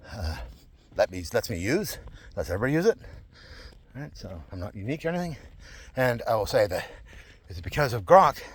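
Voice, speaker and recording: Husky, animated man rambling to camera. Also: lowish voice, no room sound. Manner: animated, digressive, laughs often, repeats himself. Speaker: vlogger.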